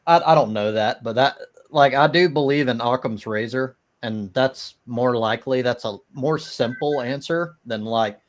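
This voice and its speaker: A man talking casually in a live-stream debate, hesitant and full of restarts, defending his view with a dry laugh now and then. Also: mid-range voice. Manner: hesitant, many restarts and fillers, laughs at the idea of souls.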